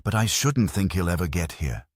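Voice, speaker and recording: A man's voice: low voice, animated, moderate pace, breathy edge, no echo, studio quality. A man voicing an anxious young woman. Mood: worried.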